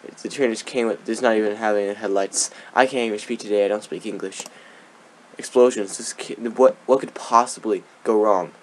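A man's voice: lowish voice, steady tone, fairly quick. A young man giving casual, rambling gameplay commentary, giggling often and tossing in sarcastic asides. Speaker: let's play gamer.

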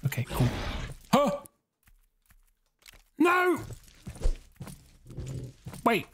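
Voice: sits high, wildly swooping pitch, drawn-out words, fairly bright tone, a little hiss or hum. A game streamer gives bemused live commentary, thinking aloud and exclaiming at what happens.

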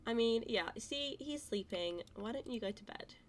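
Woman gaming host, fairly high voice, casual let's-play chatter, coos and gushes over cute animals. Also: expressive, normal speed, slight background noise.

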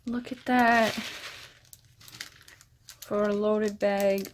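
A woman vlogger casually chatting as she unboxes craft mail, gushing with gasps of delight and talking softly to her friend. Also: mid-range voice, slow, long pauses, slight background noise. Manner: soft-spoken, addresses her friend directly.

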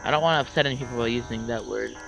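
A man with a bright, forceful tone trades goofy jokes with a friend over voice chat. He keeps it casual and playful, often sliding down into a low mutter. Faint game music sits behind him. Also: racing, gravelly, poor audio. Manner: joking, goofy, drops to a mutter. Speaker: gamer, co-host. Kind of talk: casual banter while gaming.

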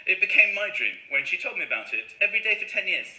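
A man performing an animated stand-up comedy routine on stage, acting out noises and voices. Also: high-pitched, fast talker, reverberant, heavy background noise.

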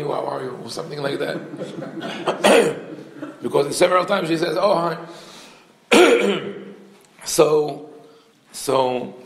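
Male rabbi teaching a class, slightly high voice, talky and repetitive, roomy echo. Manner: conversational teaching, quotes dialogue, frequent restarts. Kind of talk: Torah lecture.

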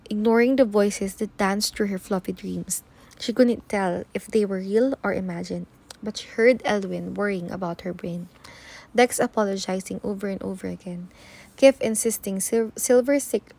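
A woman reading a novel aloud in a steady, even narration. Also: mid-range voice, vocal fry. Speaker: audiobook reader.

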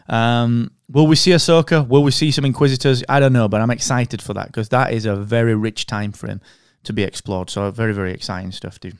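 Man, smooth clear voice, dry close sound, enthusiastic podcast chat. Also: medium pitch, no echo. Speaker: podcast co-host. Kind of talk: casual chat.

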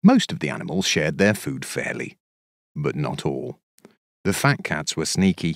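A man narrating a children's storybook in an expressive, measured, sing-song way. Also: a bass voice, vocal fry, no echo, studio quality.

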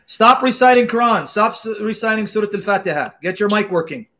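A man hosting a live call-in debate stream, taunting and mocking his callers loudly. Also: sits high, expressive, brisk.

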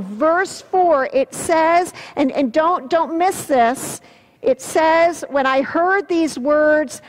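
A woman pastor giving an earnest sermon, swelling with emphasis and dropping low and soft on solemn words. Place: church sanctuary. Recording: long church-hall reverb.

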